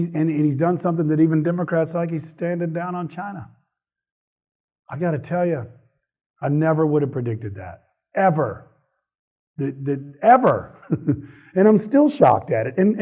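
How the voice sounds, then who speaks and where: A man giving a live talk to an audience, animated and opinionated, laughing between points. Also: a little high, moderate pace, pauses often. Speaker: speaker on economic policy. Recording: husky voice over a tinny phone-like line.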